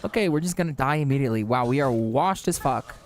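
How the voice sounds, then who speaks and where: A man's voice: medium pitch, lively intonation, quick pace. A young man streaming, chatting in a rambling, self-mocking way as he games. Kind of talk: casual chat while gaming.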